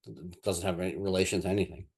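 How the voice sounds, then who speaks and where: Deep-voiced man teaching in rambling style. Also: flat delivery, fast, darkish tone, husky. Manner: rambling, many fillers and restarts. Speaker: NLP instructor. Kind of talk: casual teaching talk with anecdotes.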